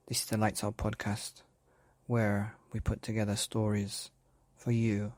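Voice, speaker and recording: A man hosting a bedtime story podcast, speaking gently and playfully to children. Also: on the low side, dry recording.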